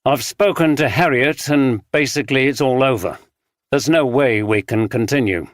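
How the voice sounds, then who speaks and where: A man's voice: medium pitch, normal speed, no room sound, clean studio sound, close to an everyday voice. A man reading a dejected, earnest film director. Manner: earnest, bitter.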